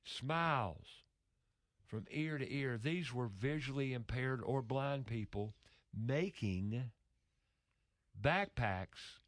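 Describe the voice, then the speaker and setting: A man's voice: mid-range voice, animated, takes it slowly, no room sound, studio quality. A man speaking in a casual conversation, telling an emotional story earnestly with frequent restarts.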